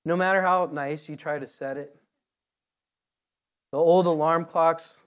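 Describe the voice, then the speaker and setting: Man, high voice, sermon, conversational preaching, repeats himself, rises to emphatic peaks. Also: steady tone, measured pace, long pauses. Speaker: pastor.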